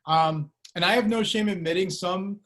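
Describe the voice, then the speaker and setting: A man's voice: high-pitched, moderate pace, a bit bright. A man giving an online university lecture over a video call, talking casually with many fillers and self-corrections.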